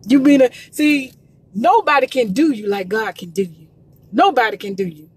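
Speaking at a moderate pace into her phone, a gospel promoter from Columbus, Georgia, goes live on social media from a car by the road. She's near tears, her voice a little high and husky, and she preaches emphatically, repeating herself often.

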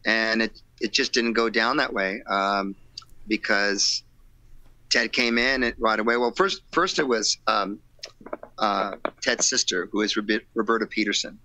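A man, a rock singer guesting on an interview show, telling stories in a casual, animated way and acting out old conversations. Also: lowish voice, a little slow, dry recording. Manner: animated storyteller acting out quotes, laughing, swearing.

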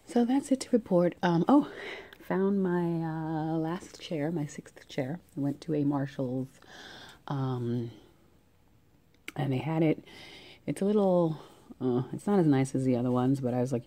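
A woman's voice: low-pitched, a little slow, warm tone. A young woman vlogging her outfits in casual chat, annoyed and ranting, with many fillers and restarts.

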